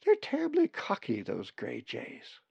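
A man doing a high, hushed young female raven. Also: huge pitch swings, a little slow, gravelly, husky, no room sound, muffled recording, full character voice. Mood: warning. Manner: hushed, urgent.

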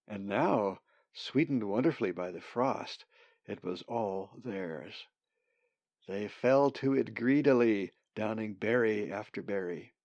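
Male audiobook narrator, slow, gravelly, dry close sound, dull tone. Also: fairly low pitch, a little mellow, no room sound. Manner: measured, deliberate reading. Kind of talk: storybook narration. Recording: dull, slightly muffled sound.

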